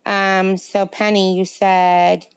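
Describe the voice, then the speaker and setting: Chatty woman with a smooth voice. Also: mid-range voice, flat delivery, slow pace, no room sound. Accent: slight New Jersey. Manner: chatty, rambling, answers viewer comments. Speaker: livestream co-host. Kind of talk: casual late-night live chat. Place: home in California at night.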